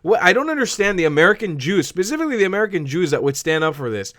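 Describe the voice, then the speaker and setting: A man's voice: sits high, big pitch swings, racing, a bit bright, dry recording, clean studio sound. A man hosting a reaction video, angry and swearing as he rants at a clip. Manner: swearing, angry, repeats himself. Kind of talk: heated reaction commentary.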